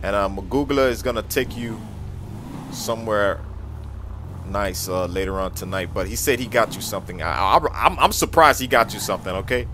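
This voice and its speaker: A man playing a nervous dad in a game role-play skit who stammers and yells in panic. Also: fairly low pitch, animated, fairly quick, noisy background.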